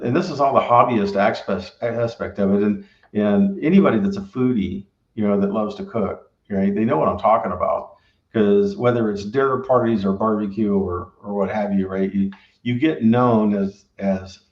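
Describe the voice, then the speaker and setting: A middle-aged barbecue restaurant owner who used to be an engineer tells stories casually in a low, fairly even voice at normal speed, rambling and sprinkling in tag questions to check in with his listener. The audio sounds roomy and dull, as if captured in a reflective room.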